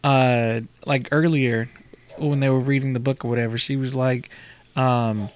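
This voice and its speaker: A man co-hosting a casual podcast, swearing freely and talking in halting bursts. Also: mid-range voice, fairly even intonation. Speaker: podcast co-host. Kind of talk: casual chat.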